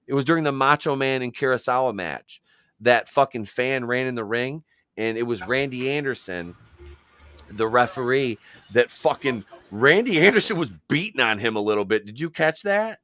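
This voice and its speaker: A man's voice: medium pitch, expressive, normal speed, a bit bright, smooth, no echo. A man co-hosting a podcast in casual chat. He rambles, swears constantly and acts out what people said. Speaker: podcast co-host.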